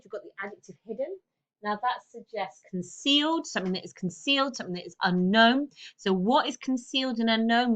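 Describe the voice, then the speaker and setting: A woman English teacher taking a class through text analysis, brisk and encouraging, repeating key phrases. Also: a little high, sharp tone, lo-fi sound. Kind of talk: recorded lesson on text analysis.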